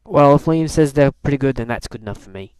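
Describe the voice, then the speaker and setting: A young man from Canada talks through his day in a loose, meandering way, circling back with fillers and restarts as he tells the story with a wry edge. His voice sits at an ordinary middle pitch and the recording is close and dry, with no room around it. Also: quick pace, a little mellow, clear, resonant tone, no echo. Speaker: video blogger. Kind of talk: casual rambling diary talk.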